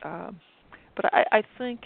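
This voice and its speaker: A middle-aged woman physician speaking as an interview guest, thoughtful and halting, with many fillers and restarts. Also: mid-range voice, vocal fry. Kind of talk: interview conversation. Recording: tinny phone-like line.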